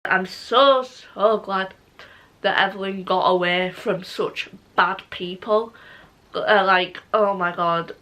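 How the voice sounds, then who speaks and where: A woman's voice: medium pitch, takes it slowly, bright, forceful tone, rough recording. A young woman chatting casually in a reading vlog, gushing and emotional, with many "like"s. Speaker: book vlogger.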